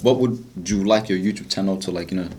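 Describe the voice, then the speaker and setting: A man's voice: deep voice, fast talker, warm tone. A young man hosting a casual podcast chat, laid-back and slangy, full of fillers. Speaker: podcast host.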